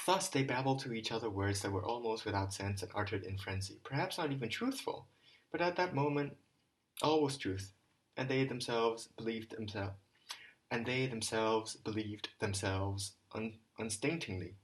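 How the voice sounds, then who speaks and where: A man's voice: lowish voice, normal speed, poor audio. Guy reading an old novel aloud, amateur, stumbles sometimes. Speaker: audiobook reader.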